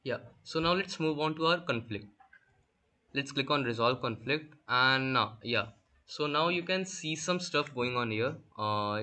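A man's voice: mid-range voice, bright, forceful tone. A young man explaining a coding topic step by step in a screen-recorded tutorial, with frequent fillers. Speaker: workshop instructor.

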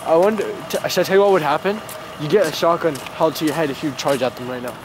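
A man's voice: fairly high pitch, quick pace. A young man bantering on a casual outdoor vlog, teasing and swearing, picked up by a handheld camera. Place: outdoors in a city in winter. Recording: noisy street with traffic. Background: street and traffic noise.

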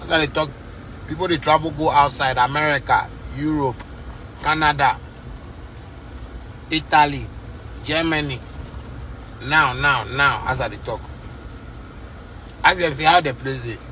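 Sitting in a car, a man from Ghana delivers a casual, fiery rant to camera in repetitive street talk, speaking with a Ghanaian Pidgin English accent. He's a musician vlogger whose fairly high voice has a sharp tone, a measured pace, and frequent pauses, with a little hiss or hum underneath.

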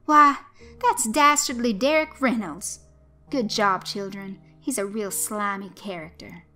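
A woman voicing a showy male host of a children's stage show, coaxing and shouting to the kids. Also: medium pitch, measured pace. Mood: hammy. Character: loud jovial male kids' show host.

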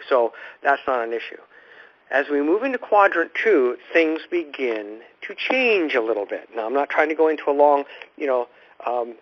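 A man hosting a spiritual radio program, teaching in an informal, rambling way and often repeating words as he restarts his thoughts. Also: a little high. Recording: dull lo-fi radio recording.

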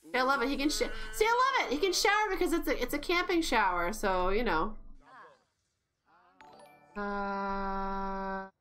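Woman, casual live-stream commentary, slow easy delivery, bright exclamations and laughs. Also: medium pitch, soft background music. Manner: chatty, exclaims and laughs often at the game. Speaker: gaming streamer.

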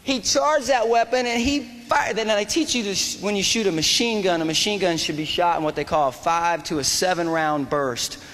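A man in his forties, an army veteran telling a war story as a speech, animated and acting out the dialogue. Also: sits high, normal speed, few pauses. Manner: animated, acts out dialogue and shouts quoted lines. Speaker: motivational speaker and army veteran. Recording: reverberant hall with faint noise.

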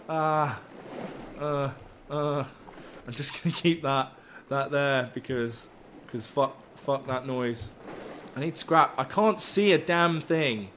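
A man's voice: mid-range voice, unhurried, pauses often, a bit bright, a little hiss or hum. A man commentating a survival game as he plays, rambling and joking, swearing freely and yelping when startled. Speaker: gaming YouTuber. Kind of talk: let's play commentary.

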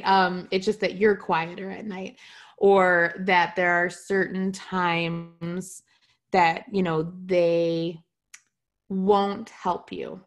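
Over a video call, a woman teaches an online spiritual class in a casual way, regularly checking in with her listeners and making light, self-mocking jokes. Her voice is mid-range.

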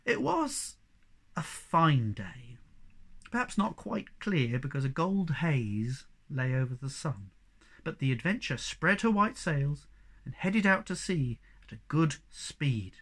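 A reader narrating a children's book aloud in an expressive, varied storytelling manner. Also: medium pitch, slow, slightly rough.

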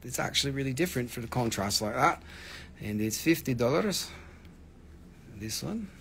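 A man's voice: mid-range voice, brisk, slight background noise. A man hosting a live rock and mineral sale, chatting casually and easily as he shows stones. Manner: relaxed, chatty, easygoing. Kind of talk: casual live-stream selling.

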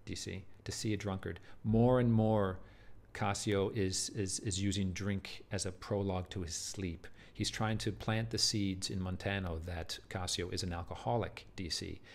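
Low-voiced man explaining a play. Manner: earnest and emphatic, repeats words and asks "do you see?". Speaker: literature teacher. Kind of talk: video lecture walkthrough of a play.

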